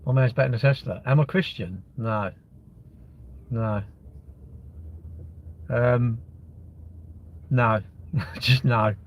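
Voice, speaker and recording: A man's voice: mid-range voice, takes it slowly, long pauses, muffled recording. A man chatting casually on a live stream, reading viewers' comments aloud and mocking trolls bluntly.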